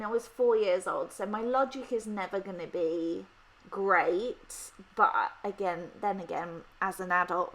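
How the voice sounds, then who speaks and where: Young Brummie woman, casual vlog Q&A, giggly and self-deprecating, mid-pitched. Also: rough recording. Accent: Birmingham (Brummie). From Birmingham, England. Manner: chatty, self-deprecating, laughs often. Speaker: planner vlogger answering questions. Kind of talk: casual Q&A chat.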